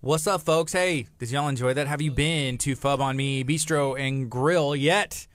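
A man's voice: medium pitch, a little slow. A middle-aged man, hosting a local talk show in a chatty, friendly way. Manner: friendly, chatty, laughing often. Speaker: host. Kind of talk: casual chat.

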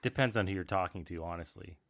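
A man's voice: low voice, fast. A man from Pennsylvania, a podcast co-host, chatting casually and teasing his friends. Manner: teasing, animated. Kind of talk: casual chat. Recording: dull lo-fi recording.

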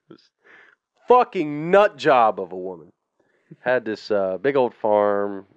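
A man's voice: on the low side, clear, resonant tone, no room sound. A man co-hosting a podcast, telling a long story in a rambling, profane, casual way and laughing as he goes. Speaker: podcast co-host. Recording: dull, dry podcast audio.

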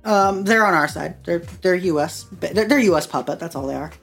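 A woman's voice: on the low side, brisk, vocal fry, a bit bright, husky, faint music behind. A woman from the United States, a podcast guest, talking in a blunt, sarcastic way. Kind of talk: casual chat.

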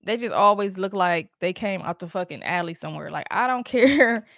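A woman's voice: mid-range voice, moderate pace, creaky, no room sound, clean studio sound. Profane, fired-up woman podcast host. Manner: heated, profane, animated venting with laughs and sighs. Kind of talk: casual solo podcast rant.

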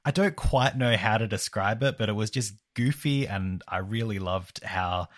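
A man with a lowish voice chatting casually about a game, relaxed and good-humoured. He speaks loosely with little filler. The sound is dry and close. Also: moderate pace, no echo. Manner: easygoing, laughs often.

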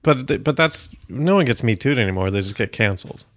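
A man's voice: mid-range voice, lively intonation, a little fast, a bit bright, no echo, studio quality. Wry, teasing male podcast co-host. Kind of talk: casual comedic banter.

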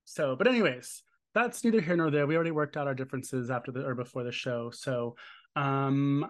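A man's voice: mid-range voice, brisk. A man hosting a horror podcast, talking in a playful, jokey, rambling way. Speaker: podcast host. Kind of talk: casual chat.

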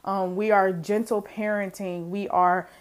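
A woman's voice: medium pitch, flat delivery, unhurried. Chatty young woman podcaster. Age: young adult. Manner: chatty and emphatic, addresses listeners as y'all, laughs often. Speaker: podcast host. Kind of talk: casual solo podcast monologue.

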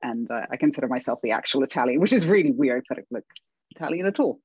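A middle-aged woman from England with a British accent, talking casually as an interview guest, lively and self-deprecating, laughing often. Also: rumbling low, quick pace, slightly rough, no echo, dull audio. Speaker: guest, legal academic.

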